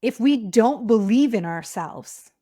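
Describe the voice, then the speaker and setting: A woman with a slightly high, lively but dark-toned voice hosts her personal podcast, unhurriedly telling her story in a heartfelt, casual way full of "like" and often sinking to a near whisper. She is a podcast host and clinic owner, recorded with studio quality and no room sound.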